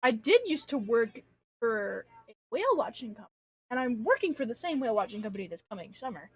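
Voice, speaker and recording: A woman's voice: on the high side, very animated, fast talker, husky, dull audio. A young woman from Alaska rambling casually on a livestream, slangy, self-deprecating and swearing freely, speaking at home at her computer. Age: young adult. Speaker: streamer. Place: home room.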